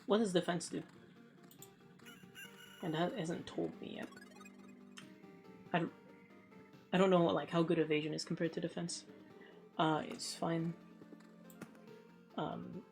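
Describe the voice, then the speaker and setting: Gravelly-voiced woman musing over a game. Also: on the low side, a little mellow. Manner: thinks aloud, rambling and offhand. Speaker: streamer. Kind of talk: casual let's play commentary.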